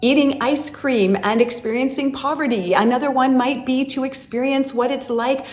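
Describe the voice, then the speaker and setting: A woman's voice: sits high, steady tone, normal speed. A woman channeling a spiritual message, rambling with many fillers and breaking into chanted syllables, emotional, laughing and crying at once. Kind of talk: channeled light language transmission.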